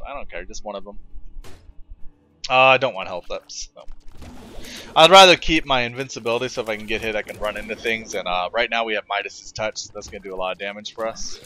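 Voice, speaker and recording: An American let's play gamer chats to viewers while playing, rambling with plenty of fillers and restarts in casual gameplay commentary. His voice is mid-range, pushed and bright.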